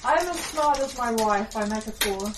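A woman's voice: fairly high pitch, lively intonation, moderate pace. A woman playing a tabletop game, chatting in a playful way. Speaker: player. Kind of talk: casual tabletop chat. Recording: echoey room from far off, audible noise.

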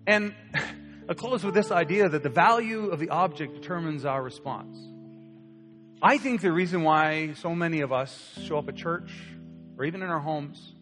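A young man preaching, telling a personal story with lively acted-out voices. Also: a little high, normal speed. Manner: animated storyteller acting out quoted voices. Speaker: pastor. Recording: long hall reverb with soft guitar.

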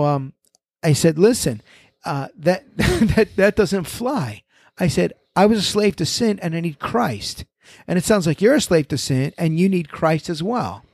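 A man's voice: high-pitched, dry recording. A pastor tells his stories in a slightly raised voice, acting out both sides of each exchange. The sound is dry and close, with no room around it. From United States. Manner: storytelling, animated, quoting exchanges. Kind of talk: conversational panel discussion.

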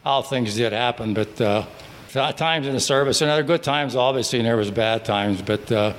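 A man's voice: medium pitch, a bit bright. Older man rambling through war stories. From Pittsburgh, Pennsylvania. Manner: rambling, halting, with many restarts and fillers. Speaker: veteran telling stories. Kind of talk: live storytelling at a breakfast gathering. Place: restaurant dining room.

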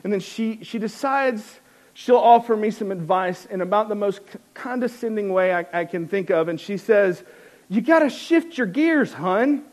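A man's voice: high voice, normal speed, a little mellow. A man telling a wry, self-mocking personal story to an audience, with many restarts.

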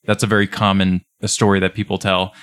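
Earnest guy on a podcast, lowish voice. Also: little pitch movement, fast, fairly bright tone, smooth. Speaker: podcast panelist. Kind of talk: casual podcast chat.

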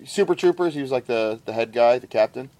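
Man, rapid talker, profane and jokey, casual game banter. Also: mid-range voice, lively intonation, mellow. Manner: fast, profane, joking. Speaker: trivia player.

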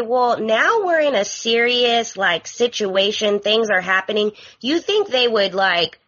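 A woman's voice: mid-range voice, bright, forceful tone, breathy edge, muffled recording. A woman guest co-host on a podcast, chatting casually in a skeptical, questioning way. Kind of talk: casual recap chat.

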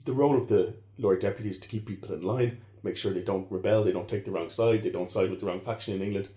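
Man, fast, low dark voice, rambling explainer, echoey room. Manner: rambling, self-correcting, digressive. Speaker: historian guest. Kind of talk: conversational expert explanation.

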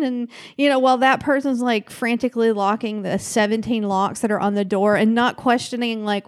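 Female podcast co-host, casual and jokey, crude at times, slightly high pitch. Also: a little fast, hardly any pauses. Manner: animated, jokey, swears freely. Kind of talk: casual chat.

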